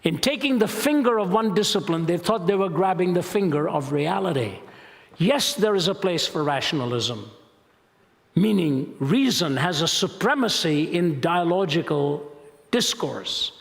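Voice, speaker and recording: A man in his sixties delivers a sermon in measured, rhetorical phrases, his fairly high voice edged with a gravelly fry. He is recorded in a large hall, and a long reverb trails each line. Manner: measured, rhetorical delivery with dramatic quoted readings. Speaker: preacher.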